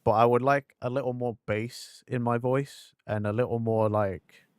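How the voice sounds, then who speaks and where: A male streamer chats loosely over his gameplay, blunt and self-mocking, with plenty of casual swearing. His voice sits at an ordinary middle pitch. The sound is close and dry, with no room around it. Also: steady tone, moderate pace, clear, resonant tone, no echo. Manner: candid, swears freely, laughs at himself.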